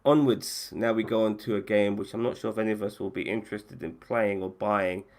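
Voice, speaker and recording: Deep-voiced man hosting a casual chat. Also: steady tone, a little fast. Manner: casual, swears freely, restarts sentences. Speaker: podcast host. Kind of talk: casual chat about games.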